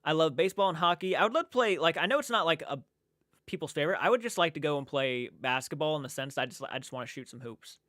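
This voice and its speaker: A man's voice: fairly high pitch, animated, fast, a bit bright, dry recording, clean studio sound. A man livestreaming from home, chatting casually and rambling, repeating himself and reading chat aloud. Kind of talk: casual live-stream chat.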